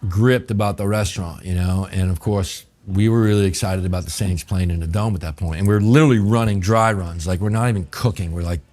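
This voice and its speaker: A middle-aged man from New Orleans spins a long story in a low, deep voice, with a New Orleans accent. He rambles and swears freely and fills every pause with "you know" and "I'm like.". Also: fairly even intonation, darkish tone. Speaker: chef telling his story as a guest. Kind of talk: casual storytelling.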